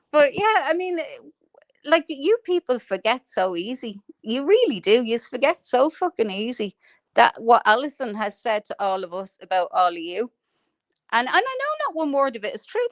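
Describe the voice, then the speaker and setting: A woman's voice: medium pitch, dry recording, studio quality. A woman hosting a livestream, ranting in a foul-mouthed, mocking way and laughing at her own insults. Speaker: livestream host.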